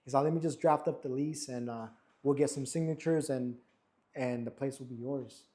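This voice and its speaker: A man's voice: medium pitch, normal speed. A young man telling a story in a barbershop, casually, and acting out what others said. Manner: animated, acts out quotes of others. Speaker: barber and podcast co-host.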